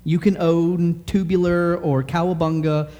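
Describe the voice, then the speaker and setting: A man in his thirties delivers a sermon, his voice mellow and warm. He talks in a conversational, animated way and keeps asking his listeners rhetorical questions. His pitch sits a little high for a man. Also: measured pace. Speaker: pastor.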